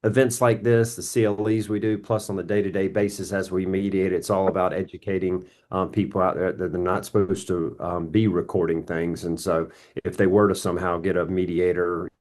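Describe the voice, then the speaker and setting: A man with a very low voice, talking slowly and thoughtfully about his work as a mediator. He speaks in a measured way, with pauses and fillers, on a professional panel. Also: flat delivery, a little mellow. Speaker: mediator and attorney. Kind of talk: panel discussion.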